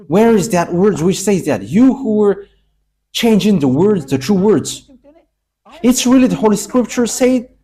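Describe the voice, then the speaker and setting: Male preacher, emphatic sermon delivery, mellow dark tone. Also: a little high. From Madagascar. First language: Malagasy.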